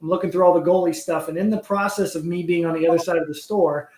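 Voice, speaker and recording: A man's voice: fairly high pitch, fairly even intonation, fast, darkish tone, reverberant. A man co-hosting a podcast in casual chat, eager and talkative, rambling a little as he asks questions. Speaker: podcast co-host.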